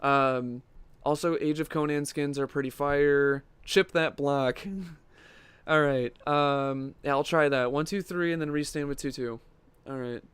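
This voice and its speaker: A young man streams a fighting game and chats with his viewers the whole time, quick to get excited and laugh. His voice sits a little high and sounds smooth and clear. It is recorded close on a desk mic, dry, with no room sound. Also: no room sound. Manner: chatty and excitable, talks to chat, laughs often. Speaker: gaming livestreamer. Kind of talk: casual live gameplay commentary.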